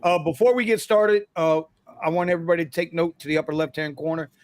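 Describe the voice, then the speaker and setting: A man's voice: fairly high pitch, steady tone, fast, darkish tone, no echo, studio quality. A man hosting a casual livestream chat, telling a story in a chatty, slangy way. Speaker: livestream host.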